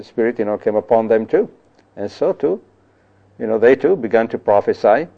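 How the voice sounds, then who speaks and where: Preacher, male, lowish voice, chatty Bible teaching full of asides, muffled old recording. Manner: conversational, frequent "you know" and "you see". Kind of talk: sermon.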